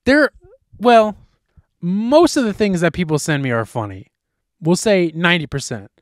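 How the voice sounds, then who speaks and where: A man's voice: sits high, lively intonation, normal speed, dry recording, clean studio sound. A man co-hosting a podcast, chatting casually and rambling through his thoughts with lots of restarts. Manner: rambling, full of fillers and restarts. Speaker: podcast co-host.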